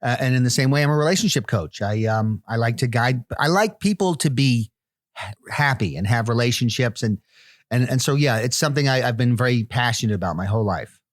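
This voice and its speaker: A man co-hosting a comedy podcast, rambling through absurd claims in a deadpan way. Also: medium pitch, fairly quick, no echo, clean studio sound. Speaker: podcast co-host. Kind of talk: casual comedy chat.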